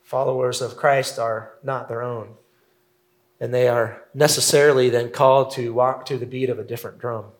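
A man preaching an expository sermon, measured and teaching, with occasional fillers. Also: mid-range voice, steady tone. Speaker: pastor.

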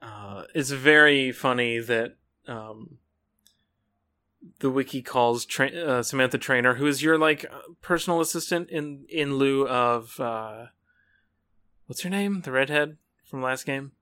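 A man's voice: mid-range voice, measured pace, pushed and bright, clean tone. A man chatting casually as a podcast co-host, rambling and hesitant, with many restarts. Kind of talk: casual chat.

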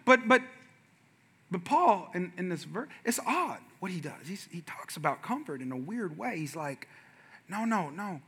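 A man's voice: sits high, moderate pace, slightly rough. A middle-aged man preaching a sermon, telling stories with humor and talking straight to the congregation. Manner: animated, humorous, talks to congregation. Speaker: pastor. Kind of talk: sermon with storytelling.

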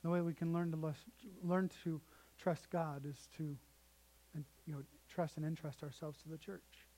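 A man's voice: on the high side, flat delivery, moderate pace, mellow, rough recording. A young man preaching a sermon in a conversational storytelling way, often restarting sentences. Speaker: pastor.

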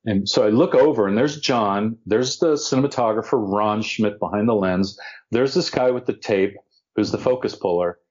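A man, an actor, telling animated anecdotes as an interview guest and laughing now and then as he talks. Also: fairly low pitch, normal speed, dull audio. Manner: animated storyteller, laughs mid-story.

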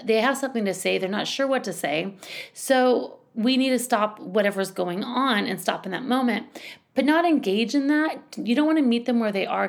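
A woman's voice: mid-range voice, gravelly. A woman giving casual parenting advice in a chatty, rambling way, full of asides and restarts. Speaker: parenting coach.

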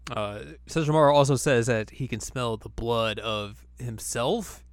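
A man's voice: medium pitch, a little slow, smooth, dry recording. Podcast host, man, casual and joking, dry close sound. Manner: joking, recaps animatedly. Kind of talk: casual chat.

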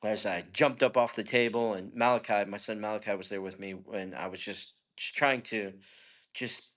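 A man's voice: on the low side, steady tone, normal speed, fairly bright tone. A middle-aged man, a pastor, telling a personal testimony in an interview in an earnest, conversational way. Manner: earnest, conversational storytelling with frequent "you know".

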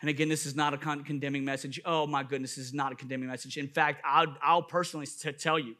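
A man's voice: on the high side, level tone, fast talker, bright, forceful tone. A man preaching a sermon as a pastor, building with emphatic, repeated questions. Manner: impassioned preaching with rising emphatic repetition.

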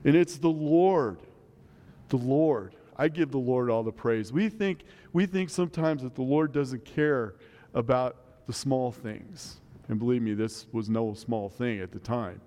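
A man's voice: medium pitch, a little slow, dark tone. A middle-aged man preaching a sermon in a church, earnest and conversational, with many rhetorical questions. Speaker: pastor. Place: church sanctuary. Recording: long hall reverb.

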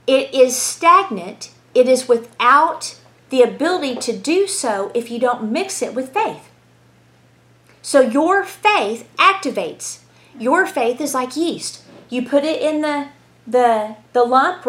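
A woman giving a lively, conversational Bible lesson, telling stories and asking rhetorical questions. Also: high voice, slow. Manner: animated, storytelling, asks rhetorical questions. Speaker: Bible teacher.

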